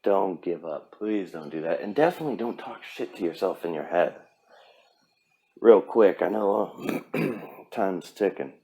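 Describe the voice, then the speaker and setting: A man's voice: low-pitched, expressive, unhurried, warm tone. A man hosting a podcast, giving a blunt, profane pep talk in a casual monologue. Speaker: podcast host.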